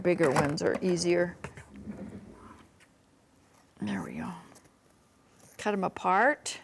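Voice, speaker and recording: A woman's voice: on the low side, fairly even intonation, takes it slowly, gravelly, long pauses, a little hiss or hum. Woman co-hosting a live sewing demo. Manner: reads viewer comments aloud, explains tips. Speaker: quilt shop co-host.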